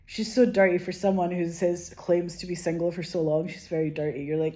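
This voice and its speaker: A woman in her forties with a notably low voice talks straight to her viewers, drifting from thought to thought. Her speech is loose and unpolished, peppered with swearing and a constant stream of "like" and "you know what I mean.". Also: little pitch movement, fairly quick, warm tone. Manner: rambling and profane, heavy use of "like". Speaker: vlogger. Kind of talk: casual rambling monologue.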